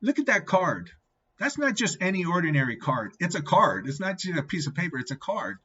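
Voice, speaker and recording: A man voicing an upbeat male friend in prison who keeps urging him to look on the bright side. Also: fairly high pitch, wildly swooping pitch, measured pace, distant mic, a little hiss or hum, exaggerated voice. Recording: dull lo-fi recording.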